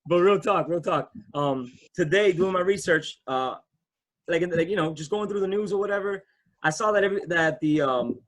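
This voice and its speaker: High-voiced, excitable slangy man. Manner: excitable slangy banter, loose and repetitive. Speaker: host. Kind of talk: casual chat.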